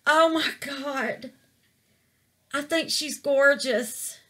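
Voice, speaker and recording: A woman's voice: sits high, fairly even intonation, very slow, fairly bright tone. A woman gushing over her resin craft in a casual vlog, calling her viewers baby and y'all.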